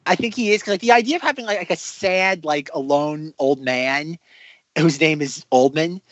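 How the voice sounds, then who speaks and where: A man's voice: fairly high pitch, moderate pace, fairly bright tone, no echo, dull audio. A man co-hosting a podcast in casual chat, rambling with plenty of fillers. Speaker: podcast co-host.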